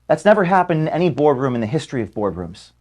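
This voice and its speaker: A man, the founder of an organization, giving an earnest, measured farewell statement to his staff from an office room. He speaks steadily, then grows quieter and halting when moved. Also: a little high, big pitch swings.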